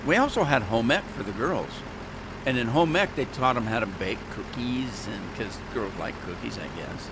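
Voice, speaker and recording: Older guy from the states rambling on his game stream, voice goes up and down a lot, chuckles here and there, faint hum behind. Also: medium pitch. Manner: rambling storyteller, chuckling often. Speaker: gaming livestreamer. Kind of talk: casual chat while playing.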